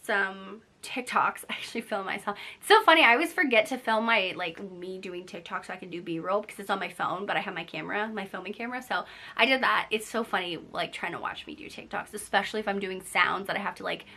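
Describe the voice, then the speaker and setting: A woman's voice: mid-range voice, quick pace, bright, forceful tone. A young woman chatting casually to her camera at home at night, gushing about books with lots of "like" fillers. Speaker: book vlogger.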